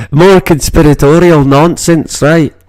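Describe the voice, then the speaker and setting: A Scottish man hosts a loose livestream chat and drifts from one thought to the next, swearing almost every sentence. He talks slowly in a slightly high voice. The sound is dry and close, with no room echo. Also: darkish tone. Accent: Scottish, northeast Moray. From Scotland. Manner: rambling, swears constantly. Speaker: livestream host.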